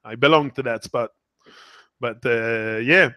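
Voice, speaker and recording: A man's voice: medium pitch, takes it slowly, bright, forceful tone, clean tone, no echo. A man with a Quebec French accent in a casual, rambling live monologue as a motivational streamer. He swears freely and talks back to a viewer.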